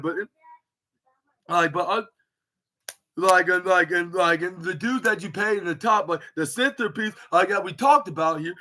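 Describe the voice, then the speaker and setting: A man's voice: fairly high pitch, bright, forceful tone. A young man hosting a casual solo podcast recap, rambling with many restarts and filler words. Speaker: podcast host.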